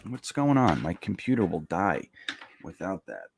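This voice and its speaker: A man hosting a live watch party stream, chatting casually and reading viewer comments aloud in a rambling, animated way. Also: deep voice, normal speed, gravelly, a little hiss or hum.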